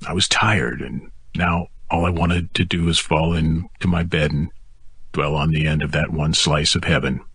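Very deep and strongly husky yet bright and forceful, a male narrator's voice carries a first-person audiobook with steady intimacy. He's recorded close-up, and the sound is dry.

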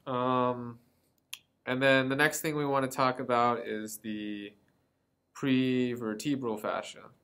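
A man's voice: medium pitch, level tone, takes it slowly, fairly bright tone, poor audio. A man giving an anatomy lesson, explaining as he draws, with frequent ums and small self-corrections. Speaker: anatomy lecturer. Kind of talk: drawing-board anatomy lesson.

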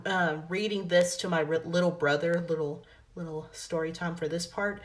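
A woman's voice: on the low side, a bit bright. A young adult woman talking casually to her viewers in a vlog, rambling and correcting herself often, recorded on a phone. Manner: rambling, self-correcting, many fillers. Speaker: vlogger. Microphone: phone camera mic.

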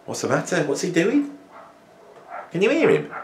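A man talking casually to camera from his home garage, animated and rambling, often repeating himself and restarting phrases. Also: on the high side, normal speed, slight background noise. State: hot and sweaty. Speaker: drummer and producer talking to camera. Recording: echoey garage room.

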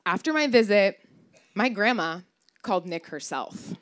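Woman, 30s, stage storyteller; wry, candid delivery with a very animated melody. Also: medium pitch, measured pace, noisy background. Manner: wry, candid, swears for comic emphasis. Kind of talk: live personal storytelling performance.

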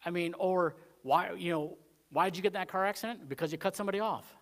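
Guy pastor going off in a wednesday church sermon, kinda high voice, says you know constantly, loud then quiet. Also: fast talker. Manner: rambling, conversational, frequent "you know" fillers; swings between loud emphatic points and quiet asides.

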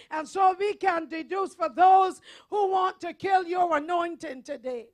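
A woman evangelist preaching a sermon with impassioned, often shouted proclamations. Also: extremely high pitch.

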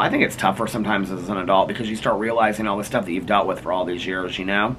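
Male vlogger, bright voice, chatty and rambling, reads comments. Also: on the low side, expressive, quick pace, slight background noise. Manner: chatty, rambling, heavy use of "like". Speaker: vlogger reading viewer comments. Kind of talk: casual chat.

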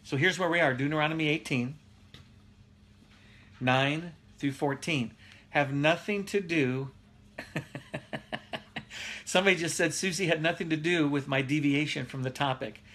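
A man's voice: a little high, a little slow, long pauses, a bit bright. A middle-aged male pastor giving a casual live Bible teaching, who laughs often and reads out viewer comments.

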